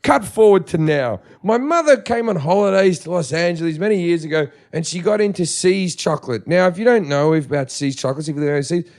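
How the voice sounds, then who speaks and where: An Australian man telling a comedic story on a podcast, animated and profane. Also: a little high, fairly quick, few pauses. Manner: profane, animated, doing voices of his parents. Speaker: podcast host.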